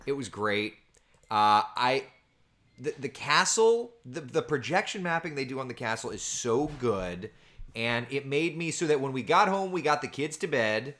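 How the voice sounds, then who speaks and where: A man's voice: medium pitch, fairly bright tone. A man giving a casual weather forecast from home, chatting and rambling through viewer comments on a computer camera mic. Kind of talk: casual livestream forecast chat. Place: at home with his small children nearby.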